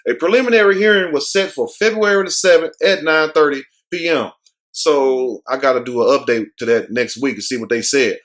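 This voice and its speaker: A man hosting a casual commentary vlog, talking in slang and acting out quoted people in put-on voices. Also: medium pitch. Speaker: host.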